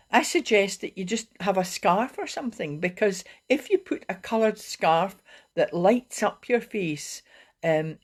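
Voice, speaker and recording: A middle-aged woman, a wellbeing coach talking casually on a live stream in a chatty, rambling way. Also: lowish voice. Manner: chatty and rambling, with frequent fillers and laughs.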